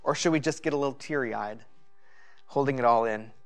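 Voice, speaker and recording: A man giving a personal sermon as pastor, talking in a halting, reflective way with many fillers. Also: medium pitch, soft background music.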